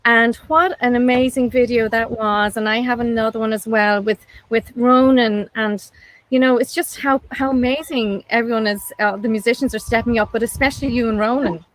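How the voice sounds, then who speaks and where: A woman's voice: fairly high pitch, steady tone, moderate pace, poor audio. A woman hosting a live chat, gushing with praise and often restarting her sentences. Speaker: host. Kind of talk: casual chat on a live stream.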